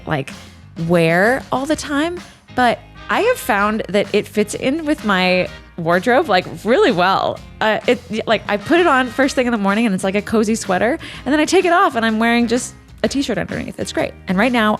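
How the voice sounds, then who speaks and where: A young adult woman co-hosting a podcast, chatty and quick to laugh, moving between casual talk and ad reads. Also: medium pitch. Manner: chatty, laughs easily, says "like" often. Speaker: podcast co-host.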